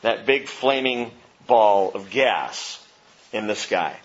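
A man preaching a Bible teaching sermon, reading expressively with loud emphasis and hushed drops. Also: on the low side, expressive, slow pace, highs cut off. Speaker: pastor.

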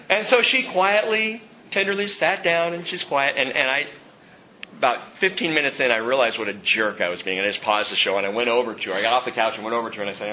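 A man in his forties, a pastor preaching a sermon, who shifts from hushed, slow emphasis to loud, high-pitched exhortation. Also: muffled recording, background noise. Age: 40s.

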